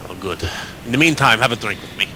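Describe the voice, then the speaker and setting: A man's voice: medium pitch, lively intonation, quick pace, background noise. A man playing a tabletop game in character, often hesitant and stumbling over his words. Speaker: player.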